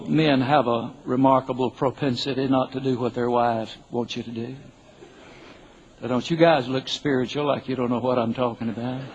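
A man's voice: medium pitch, breathy edge. An older man preaching a sermon, telling a joking personal story in an emphatic, folksy way. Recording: dull lo-fi recording.

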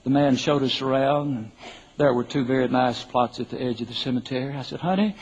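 A man's voice: medium pitch, level tone, fairly quick, breathy edge. An older man preaching a sermon, telling a joking personal story in an emphatic, folksy way. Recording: dull lo-fi recording.

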